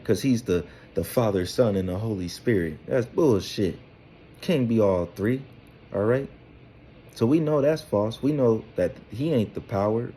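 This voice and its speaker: Over a faint hiss or hum, a man with a fairly low, mellow voice teaches scripture informally. This Bible teacher rambles, repeats words, uses fillers and keeps asking "all right?" at nearly every phrase.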